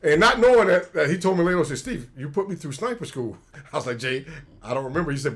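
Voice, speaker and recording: A middle-aged man with a fairly high voice tells war-shop stories in a loose, chatty way. He slips into the other people's voices as he quotes them, keeping the telling lively. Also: a little fast. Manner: animated, acts out quoted dialogue. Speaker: retired special forces soldier, guest. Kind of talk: casual storytelling on a livestream.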